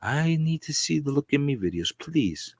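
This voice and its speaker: A man hosting a comic book vlog, ranting in an animated, repetitive, comically exasperated way. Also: on the high side, normal speed.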